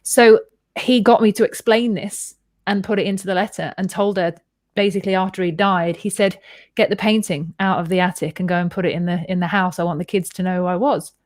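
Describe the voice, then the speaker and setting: A woman's voice: medium pitch, steady tone, brisk, no echo. Female guest, chatty and candid, tells a long personal story with acted-out reactions; dry, close recording. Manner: rambling, candid, swears freely, acts out her own reactions. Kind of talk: casual storytelling in conversation.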